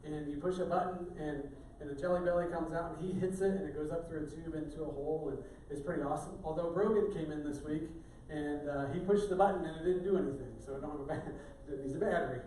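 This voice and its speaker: A man's voice: a little high, fairly even intonation, fast talker, hardly any pauses, dark tone, a little hiss or hum. A middle-aged male pastor giving a sermon in a conversational, joking way. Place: church sanctuary. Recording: echoey church room, distant mic.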